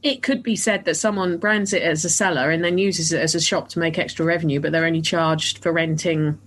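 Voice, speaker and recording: A woman's voice: deep voice, fairly even intonation, brisk. Chatty woman host. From northern England. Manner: chatty, many restarts and fillers. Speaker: podcast host. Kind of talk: casual chat.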